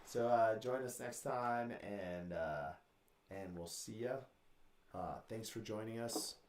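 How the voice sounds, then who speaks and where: A man's voice: lowish voice, takes it slowly, darkish tone. Slightly sick-voiced man hosting, echoey room. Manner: loose, rambling sign-offs with many fillers. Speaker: show host. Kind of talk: casual live-stream chat.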